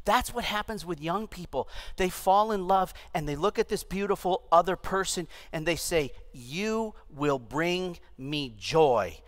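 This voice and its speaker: A pastor in his fifties preaching an animated, humorous sermon to his church, with asides to the congregation. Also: high-pitched, normal speed, hardly any pauses. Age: 50s. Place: church sanctuary.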